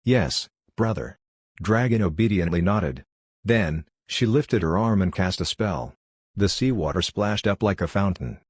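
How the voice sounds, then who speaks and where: A man reading a fantasy audiobook as narrator in a steady, even storytelling delivery. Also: low voice, husky, dry recording, clean studio sound. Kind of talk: scripted narration.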